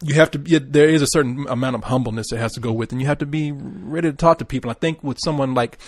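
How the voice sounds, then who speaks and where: A man's voice: medium pitch, quick pace, darkish tone, no echo, clean studio sound. A man hosting a podcast in casual chat, earnest and talking in long run-on thoughts. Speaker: podcast host.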